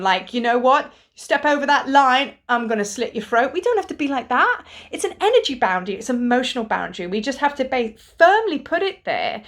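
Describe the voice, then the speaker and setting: A woman's voice: sits high, fairly bright tone. A woman, a spiritual teacher, talking earnestly and rambling a little, with the odd casual swear. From Britain. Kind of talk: casual spiritual talk to camera.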